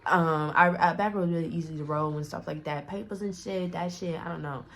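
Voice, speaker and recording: A woman's voice: deep voice, a little fast, a bit bright. Rambling young woman telling a storytime. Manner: rambling slangy storytelling with many restarts and quoted dialogue. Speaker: storyteller vlogger. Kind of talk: casual storytime.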